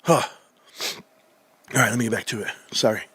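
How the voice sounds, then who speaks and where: A man hosting a livestream, reading through financial reports with excitable commentary that swings from muttering to yelling, his voice going hoarse. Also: medium pitch, fairly quick, no room sound. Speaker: livestream host.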